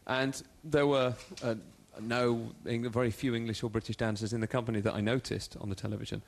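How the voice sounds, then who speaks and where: A man's voice: mid-range voice, little pitch movement, fairly quick, creaky. A man presenting a live radio show on location at a ballet company, chatty and joking as he interviews guests and reads out listener texts.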